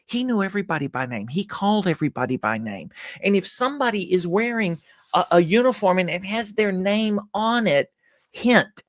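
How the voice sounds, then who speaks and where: Lively, animated man telling stories. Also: sits high, no echo, studio quality. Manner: animated storyteller who acts out little dialogues. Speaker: podcast guest, gratitude speaker. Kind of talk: conversational podcast interview.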